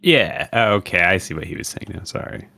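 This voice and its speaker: A man's voice: low voice, lively intonation, fairly quick, vocal fry, sharp tone, dry recording, clean studio sound. A man playing in an online tabletop game, joking and teasing the others and swearing casually. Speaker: player.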